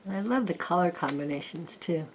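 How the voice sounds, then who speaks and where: An older woman gently chatting as she flips through and reviews a deck of oracle cards, with admiring asides. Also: fairly low pitch, animated, brisk, a little hiss or hum. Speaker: tarot card reviewer. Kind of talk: casual card flip-through chat.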